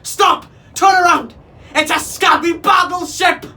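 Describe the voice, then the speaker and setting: A man's voice: extremely high pitch, expressive, slow, sharp tone, voice pushed up, heavily acted. A man voicing a panicky male pirate parrot that screeches its warnings in frantic cries. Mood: squawking alarm. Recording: voice from some distance off.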